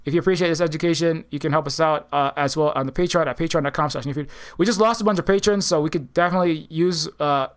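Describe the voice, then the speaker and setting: A man with a rather high voice delivers a rambling, heated political monologue to his channel's viewers. He stumbles and restarts often and slips into mocking put-on voices. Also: fast talker, smooth. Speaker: political commentator, channel host.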